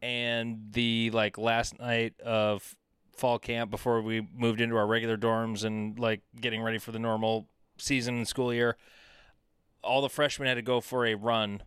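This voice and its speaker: Smooth-voiced man hosting a podcast. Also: medium pitch, normal speed, no room sound, studio quality. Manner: relaxed, chatty, laughs along. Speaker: podcast host. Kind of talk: casual conversation.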